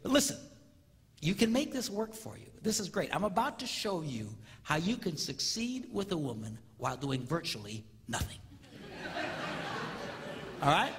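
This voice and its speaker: A man giving a comedic marriage seminar to a live audience, acting out spouses' reactions in an animated, joking way. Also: high-pitched, moderate pace. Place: large hall with live audience. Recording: reverberant hall with audience noise.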